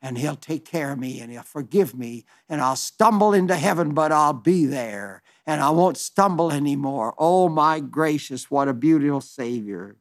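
A man's voice: on the high side, animated, moderate pace, hardly any pauses. A man in his nineties preaching a sermon in a fervent, folksy way, often restarting his sentences. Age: 90s.

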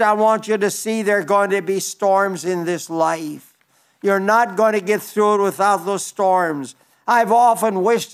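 Man, pastor, sermon, high voice, earnest, restarts often. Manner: earnest, reads scripture aloud then explains it with frequent restarts.

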